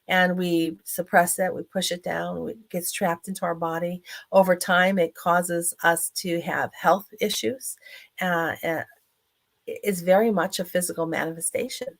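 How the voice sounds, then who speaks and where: A woman's voice: on the low side, steady tone, normal speed. A woman in her fifties, an author and speaker giving a motivational talk online, telling her story earnestly with many fillers.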